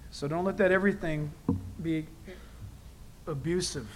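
High-voiced man preaching with emphasis. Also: fairly even intonation, moderate pace, a little hiss or hum, low-quality recording. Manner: conversational, emphatic, repeats key phrases; self-deprecating personal asides. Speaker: pastor. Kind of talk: sermon.

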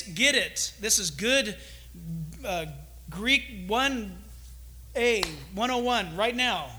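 A male pastor preaching a sermon, animated and acting out little quoted exchanges between churchgoers. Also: very high-pitched.

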